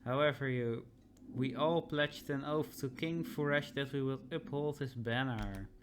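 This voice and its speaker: A man voicing a stern, burdened army captain in a video game, speaking in a measured, grave and authoritative way. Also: mid-range voice, background noise, natural voice.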